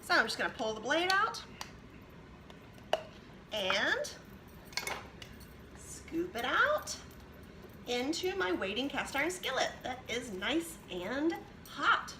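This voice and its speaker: High lively woman talking through a recipe at home, pans clinking, noisy kitchen. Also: slow, long pauses. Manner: chatty, talks through each step. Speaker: cooking show host. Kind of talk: casual cooking demonstration.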